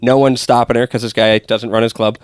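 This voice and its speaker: Guest comic, male, from Boston; deadpan rambling storyteller, clear tone, average pitch. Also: brisk, no room sound. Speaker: guest comedian. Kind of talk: casual podcast storytelling.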